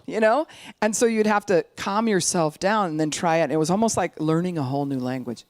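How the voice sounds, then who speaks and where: Older speaker, recovery outreach talk, animated, middle-pitched voice, dry close recording. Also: no room sound. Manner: animated, acts out quoted voices, sometimes slows speech right down to demonstrate. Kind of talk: informal teaching talk.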